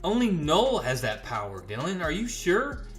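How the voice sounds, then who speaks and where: Man reading a remorseful symbiote, quiet and subdued, in a comic recap. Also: on the high side, huge pitch swings, normal speed, soft background music. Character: remorseful male alien symbiote, weakened.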